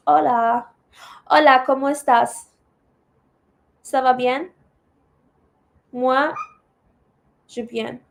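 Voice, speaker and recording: A woman hosting a live trading stream in a casual, chatty way, reading viewer comments aloud and answering them. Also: sits high. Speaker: trading livestream host. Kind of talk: casual livestream chat.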